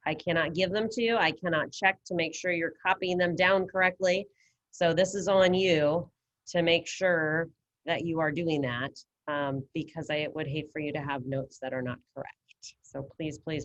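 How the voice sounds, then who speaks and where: Woman teacher, slightly low voice, patient and encouraging, online class over computer mic. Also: dull audio. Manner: patient, encouraging, explains step by step. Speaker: Spanish teacher. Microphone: computer mic on video call.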